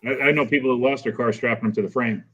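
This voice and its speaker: A man's voice: medium pitch, fairly even intonation, fast, fairly bright tone. A man from the northern United States telling stories in a casual chat. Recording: dull lo-fi mic.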